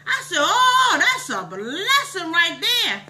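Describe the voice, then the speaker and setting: Brief: woman as a preachy church lady, lively sing-song pitch, exclamatory and drawn out. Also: slight background noise, heavily acted, low-quality recording. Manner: exclamatory, sermonizing, drawn-out drawl. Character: preachy, bossy middle-aged church lady. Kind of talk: comic monologue storytelling.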